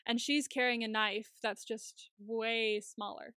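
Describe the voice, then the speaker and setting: A woman co-hosting a podcast, giving a casual, animated recap of a TV episode and acting out scenes with laughs. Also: a little high, slow, smooth, dry recording, clean studio sound. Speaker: podcast co-host.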